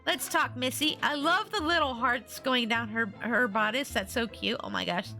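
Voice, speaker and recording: A woman streamer commenting on a game in a giggly, animated way. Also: a little high, moderate pace, faint music behind.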